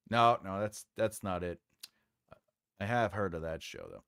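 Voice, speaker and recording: A man's voice: lowish voice, big pitch swings, normal speed, fairly bright tone, clear, resonant tone, dry recording, studio quality. A man hosting a casual livestream and reading out viewer comments. He rambles, trails off while searching for names, and laughs often. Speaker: writing livestream host.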